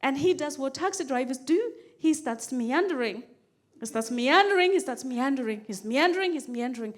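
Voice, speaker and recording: A woman comedian performing stand-up on stage, telling a long story with animated delivery and comic repetition. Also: high-pitched, normal speed. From Kenya. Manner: animated, repeats phrases for comic build, acts out pleading quotes.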